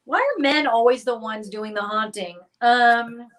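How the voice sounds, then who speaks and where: A woman doing remote viewing in a casual live chat, halting and full of restarts, given to squeamish exclamations. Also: a little high, a bit bright. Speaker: psychic remote viewer.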